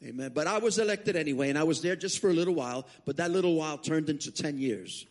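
A man preaching as a guest speaker, telling his testimony as an animated story with frequent restarts. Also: fairly high pitch, fast. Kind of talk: sermon testimony.

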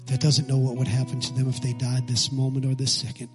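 A man's voice: medium pitch, completely flat delivery, quick pace, music in the background. A male pastor preaching with passion, leading the congregation in call-and-response and then praying. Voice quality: husky. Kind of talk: sermon and prayer. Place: church sanctuary.

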